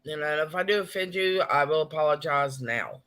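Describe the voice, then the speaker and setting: Chatty bright-voiced man hosting a live stream. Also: a little high, moderate pace. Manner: chatty, greets viewers and reads chat comments aloud. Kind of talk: casual live-stream chat.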